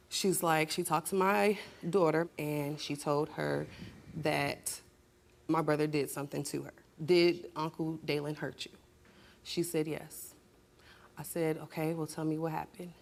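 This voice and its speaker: Young woman, talk show guest, lowish voice, upset, urgent, heated, studio stage. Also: creaky. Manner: urgent and upset, voice rising into sharp confrontation. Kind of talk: emotional personal account, then heated argument.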